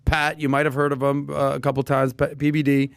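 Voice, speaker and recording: A man telling a lively story on a podcast, acting out the people he quotes. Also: mid-range voice, fairly quick, gravelly, smooth, no echo, clean studio sound. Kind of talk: casual podcast chat.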